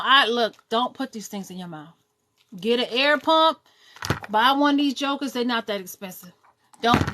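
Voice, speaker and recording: A woman's voice: a little high, a bit bright. A middle-aged woman from Brooklyn with a New York accent, hosting a casual live-stream balloon tutorial, chatty and sassy, calling out viewers by name. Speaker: balloon decor tutorial host.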